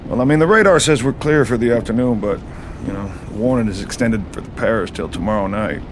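An actor playing a man driving through a storm-wrecked town, speaking in a halting way. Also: fairly low pitch, animated, a little hiss or hum, natural voice. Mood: shaken. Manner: shaken, halting. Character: man checking on a storm-struck home.

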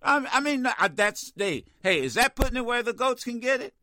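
A man's voice: very high voice, lively intonation, normal speed, pushed and bright, no echo, studio quality. A man hosting a call-in talk radio show, talking in a combative, emphatic way and often repeating himself.

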